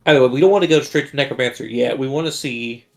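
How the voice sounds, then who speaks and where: A man's voice: mid-range voice, quick pace, creaky, faint music behind. A man playing a tabletop game, talking plans through plainly. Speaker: player. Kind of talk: casual tabletop game chat.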